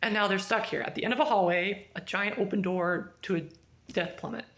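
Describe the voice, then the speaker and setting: A woman in a casual book review vlog, chatty and quick to act out dialogue. Her pitch sits in the middle for a woman, with sudden jumps up when she quotes someone.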